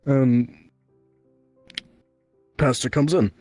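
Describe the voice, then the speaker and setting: A man's voice: a little high, expressive, measured pace, dry recording, faint music behind. Stammering young man telling a story. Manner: rambling, stammers and repeats words. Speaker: podcast co-host. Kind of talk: casual storytelling chat.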